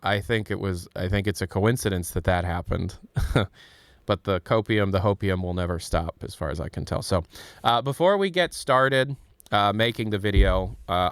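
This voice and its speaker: A man's voice: deep voice, clear, resonant tone, no room sound, clean studio sound. A man talking casually on a live stream, rambling with many fillers and restarts.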